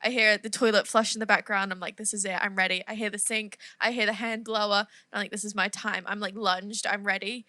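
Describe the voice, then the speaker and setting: A woman's voice: medium pitch, little pitch movement, dry recording. A young woman co-hosting a podcast, telling a story with frequent giggles. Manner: giggly, quick asides, softens into quiet storytelling. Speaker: podcast co-host. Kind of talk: casual storytelling chat.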